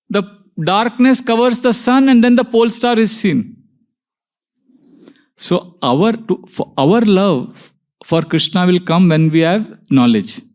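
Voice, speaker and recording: A high-pitched man delivers a devotional lecture to a live audience. He tells stories, slipping into the voices of the characters he quotes, and stretches out phrases he wants to land. His tone is that of a patient spiritual teacher. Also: a little mellow. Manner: storytelling, acts out quoted dialogue, slows for emphasis.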